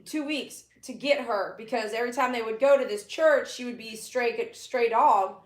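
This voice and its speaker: Woman, casual livestream chat, baby talk to her dogs, a bit high-pitched, roomy echo. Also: normal speed. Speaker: pet groomer hosting a live stream. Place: her living room.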